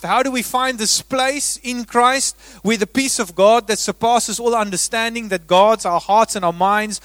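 A man preaching a sermon as a pastor. He swings between loud, emphatic bursts and hushed, drawn-out words. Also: extremely high pitch, no echo.

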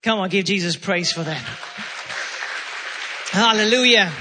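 A man's voice: extremely high pitch, moderate pace, crowd noise, background noise. A man preaching a sermon as pastor, fervent and repetitive, calling out praise between points. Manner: fervent preaching with repeated phrases and exclamations.

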